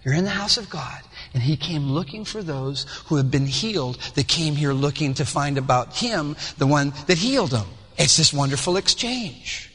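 A man preaches with a high, bright voice, acting out little scenes in different voices for his congregation. The sound carries the long echo of a church hall. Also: expressive, normal speed, hardly any pauses, husky. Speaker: pastor. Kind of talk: sermon. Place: church sanctuary.

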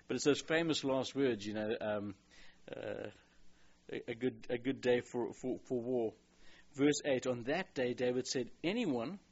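South African male pastor, husky voice, chatty and digressive, dull lo-fi sound. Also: medium pitch. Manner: chatty and digressive, with many restarts and soft chuckles. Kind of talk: Bible teaching sermon. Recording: dull lo-fi recording.

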